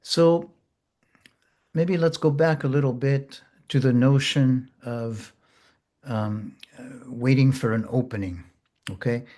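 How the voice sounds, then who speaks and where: A man teaching therapists in a slow, gentle, measured way, pausing often. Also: medium pitch, fairly even intonation. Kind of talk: reflective teaching talk.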